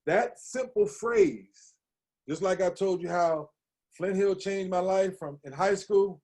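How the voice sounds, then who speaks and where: Animated storytelling man in his fifties. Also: high-pitched, slow. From Hagerstown, Maryland, USA. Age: 50s. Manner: animated, slangy, acts out quoted voices. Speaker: podcast guest. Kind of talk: conversational storytelling.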